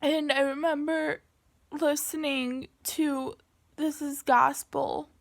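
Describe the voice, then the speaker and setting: A young woman telling a painful personal story to camera, slow and halting, with many pauses and restarts. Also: high-pitched, flat delivery, vocal fry.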